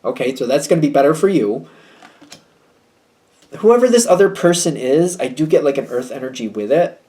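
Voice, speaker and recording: A man reads tarot for his viewers in a loose, chatty way, hedging his points with a wry, slightly snippy edge. His voice sits a bit high for a man and swings widely up and down as he talks. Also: lively intonation, normal speed, dark tone. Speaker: tarot reader. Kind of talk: casual tarot reading video.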